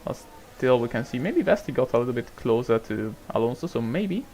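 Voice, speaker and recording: Commentating casually on a racing management game, this gamer curses constantly, rambles, and erupts in yells at his drivers. He talks briskly at medium pitch with big pitch swings, and there's a bit of background noise.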